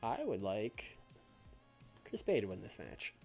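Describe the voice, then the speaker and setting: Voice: mid-range voice, sing-song, measured pace, creaky, darkish tone. A game streamer thinking aloud and laughing over a booking sim, voice swinging widely up and down. Faint chill background music sits underneath. Plans shift mid-sentence in a loose, chatty flow. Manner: thinks aloud, laughs often, changes mind. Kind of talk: casual live-stream chat.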